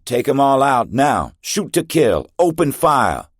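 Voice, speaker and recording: A man's voice: medium pitch, very animated, measured pace, no room sound, clean studio sound, pitched above the performer's own voice. A man playing a hardened male soldier, second in command, who barks profane orders.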